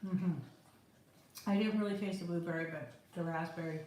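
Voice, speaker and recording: A middle-aged woman hosting a relaxed tasting chat, chatty and often laughing. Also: lowish voice, normal speed. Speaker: author hosting a release celebration. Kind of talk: casual chat during a tasting. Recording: very echoey room.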